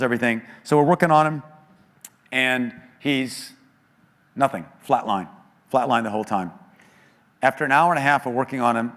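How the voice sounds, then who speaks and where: A man giving an earnest sermon testimony in a church, telling a story that often drops low and quiet with grief. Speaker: guest speaker at a church. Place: church sanctuary. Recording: long hall reverb.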